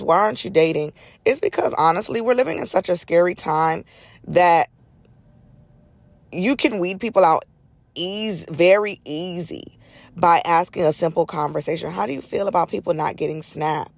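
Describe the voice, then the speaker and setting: A woman's voice: low-pitched, vocal fry, dry recording. Chatty stuffy-nosed woman podcast host. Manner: chatty, conversational, folksy asides. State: stuffy nose. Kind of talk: casual solo podcast chat.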